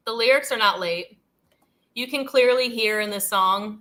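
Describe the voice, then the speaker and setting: A woman's voice: a little high, slow pace, bright, forceful tone. A woman host chatting casually and loosely, peppering her talk with "like" and "dude" and laughing between thoughts. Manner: rambling, heavy use of "like" and "dude". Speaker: channel host. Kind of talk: casual commentary chat.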